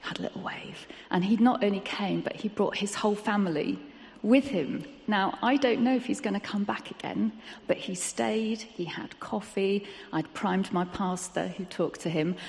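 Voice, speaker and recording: A British woman telling a personal church story to an audience, lively and acting out the dialogue. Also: mid-range voice, normal speed. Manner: lively storyteller who acts out quoted dialogue. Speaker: church member sharing a testimony. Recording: long hall reverb.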